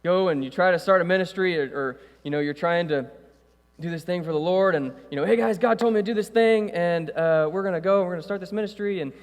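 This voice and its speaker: In an echoey church sanctuary, a pastor with a high voice talks fast as he reads scripture and then preaches loosely, full of fillers. His sermon comes through a stage microphone with echo, and hall reverb fills the recording.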